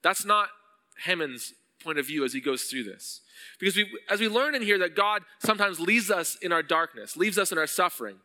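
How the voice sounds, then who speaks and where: Bright-voiced preacher man, echoing hall. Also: high voice, lively intonation, brisk. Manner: earnest, builds to pleading intensity when voicing psalm verses. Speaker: pastor. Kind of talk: sermon.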